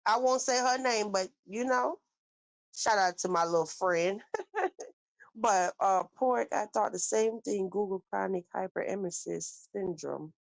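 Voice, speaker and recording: A chatty woman hosts a casual live stream and reads viewer comments aloud. She is animated and familiar, and she keeps calling people baby. Her voice sits at a medium pitch and is recorded close and dry. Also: a little slow, gravelly, no echo, rough recording. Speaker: livestream host reading chat.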